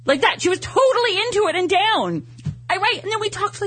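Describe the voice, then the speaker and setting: A man chatting as a talk show guest, telling an animated story and acting out his own reactions. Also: very high voice, brisk, a little hiss or hum. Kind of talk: casual talk show chat.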